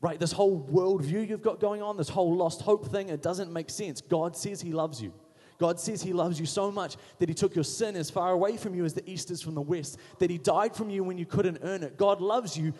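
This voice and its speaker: Male pastor, fairly high husky voice, punchy repetitive preaching, long church-hall reverb. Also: darkish tone. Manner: emphatic, repetitive preaching with punchy short phrases. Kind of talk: sermon.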